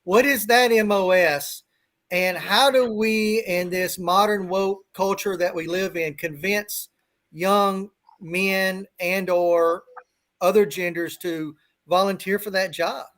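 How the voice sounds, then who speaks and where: A man with a notably high voice for his sex joins a live stream panel. He tosses out wry, joking questions in a loose, chatty way. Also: steady tone, slow pace, a bit bright.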